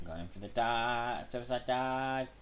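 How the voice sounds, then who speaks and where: A man from Manchester with a Mancunian accent, hosting a live watch-along stream, reacting with loud gasps and chatting casually with viewers. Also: medium pitch, takes it slowly, muffled recording, slight background noise. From Manchester, England. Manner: excitable, bursts into loud gasps during big moves, casual with chat.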